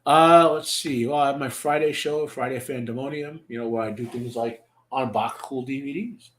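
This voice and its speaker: A man's voice: mid-range voice, moderate pace, reverberant, slight background noise, rough recording. A man chatting as a podcast guest, telling stories in a rambling way with many restarts. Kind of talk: casual chat.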